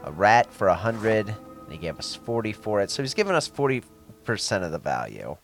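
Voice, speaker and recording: A man's voice: lowish voice, big pitch swings, moderate pace, soft background music. A man giving casual gameplay commentary, chatting sarcastically to game characters and swearing freely. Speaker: let's play gamer.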